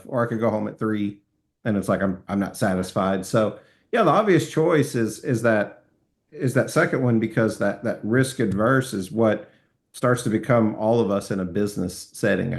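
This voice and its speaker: This is a man with a low, gravelly voice hosting a podcast. He talks in a loose, rambling way, full of fillers and restarts. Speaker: podcast host. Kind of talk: casual interview chat.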